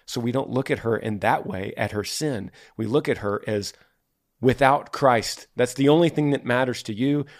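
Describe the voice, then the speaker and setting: A man's voice: mid-range voice, moderate pace. A man co-hosting a casual podcast, answering a listener's question in an emphatic, preachy way. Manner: emphatic and preachy, rising to forceful conviction. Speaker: podcast co-host. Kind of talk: casual faith advice chat.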